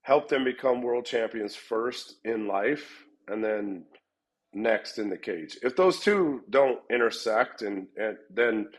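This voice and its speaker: Husky and expressive, the middle-aged head coach of an MMA gym talks slowly in a mid-range voice while answering interview questions. His replies wander, restarting and repeating words often, and the recording is rough.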